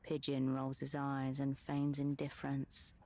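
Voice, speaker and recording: A woman voicing a cool, measured narrating voice in a video game. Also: a bass voice, completely flat delivery, darkish tone.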